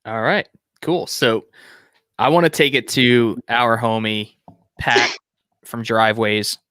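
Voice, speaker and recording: A man's voice: medium pitch, steady tone, takes it slowly, sharp tone, clear, resonant tone, no room sound, clean studio sound. A man co-hosting a music podcast, chatting eagerly with many "like"s. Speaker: podcast co-host. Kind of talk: casual music podcast chat.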